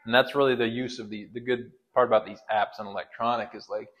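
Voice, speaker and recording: A man's voice: mid-range voice, steady tone, quick pace, fairly bright tone. A man teaching Bible study tools in a casual, rambling way, with many fillers and restarts. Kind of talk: casual screen tutorial.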